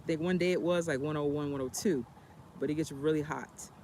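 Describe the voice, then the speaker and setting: A woman's voice: deep voice, brisk, a little mellow, slight background noise. A woman chatting casually on a storytime livestream, rambling with many fillers while sitting on a bench outdoors. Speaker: travel vlogger.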